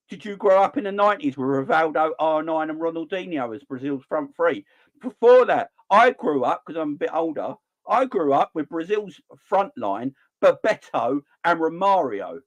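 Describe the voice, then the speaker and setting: A middle-aged man ranting about football in an animated, exasperated way. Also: high-pitched. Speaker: football channel host. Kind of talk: opinionated football rant.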